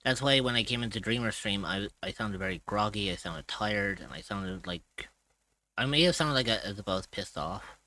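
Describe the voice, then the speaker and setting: A man's voice: on the low side, expressive, normal speed, pushed and bright. A man streaming live, chatting casually. He is tired and groggy, and he rambles loosely and swears now and then.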